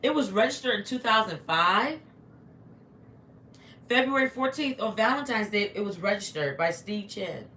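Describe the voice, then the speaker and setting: A woman's voice: mid-range voice, animated, moderate pace, sharp tone. A middle-aged woman chatting casually on a livestream from home, talking to viewers while eating. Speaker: livestream vlogger. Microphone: phone. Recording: echoey room with faint noise.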